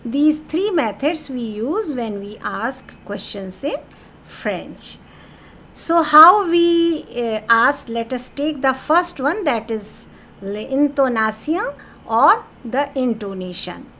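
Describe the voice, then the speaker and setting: Slow, patient woman teaching French. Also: high-pitched, very animated, bright, forceful tone. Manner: patient, repeats key words, mixes French phrases into English teaching. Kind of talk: slow explanatory lesson.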